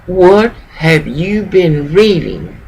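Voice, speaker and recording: Gravelly high-voiced preaching man. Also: big pitch swings, drawn-out words, darkish tone, slight background noise, rough recording. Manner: rambling, profane, lecturing someone directly. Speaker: pastor. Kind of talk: profane preaching rant.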